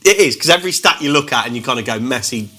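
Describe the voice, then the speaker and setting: A man's voice: a little high, animated, racing, pushed and bright. A man co-hosting a casual football chat, joking around and asking questions. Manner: chatty, joking, asks questions. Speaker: co-host.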